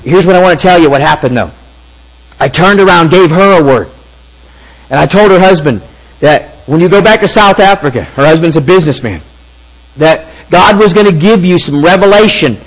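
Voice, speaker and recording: A man in his fifties telling a story in a sermon, talking conversationally and acting out quoted speech in lively asides. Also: a little high, a little fast, rough recording. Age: 50s. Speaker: preacher.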